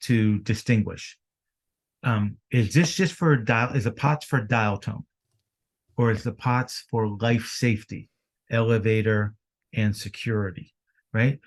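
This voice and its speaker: A man talking business as a podcast guest, energetic and fond of rhetorical questions. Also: mid-range voice. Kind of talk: casual business chat.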